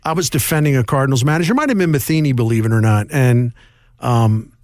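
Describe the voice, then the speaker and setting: A middle-aged man recounts old newspaper stories with an animated, bursty delivery and easy laughs. His voice sits at an ordinary middle pitch. The sound is dry and close. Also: fast talker, no room sound. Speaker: sports columnist, guest. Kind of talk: casual interview storytelling.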